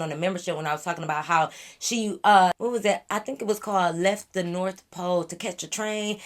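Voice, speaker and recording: A young woman rattles off a casual story to her viewers. She is blunt and profane, and she acts out her friends' lines as she goes. Her voice sits in a plain middle range. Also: mid-range voice. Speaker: storytime vlogger.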